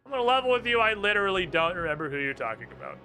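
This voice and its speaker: Male streamer, casual and heated, swears a lot; high, sharp tone. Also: very animated, very fast, soft background music. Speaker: game streamer. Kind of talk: casual live-stream commentary.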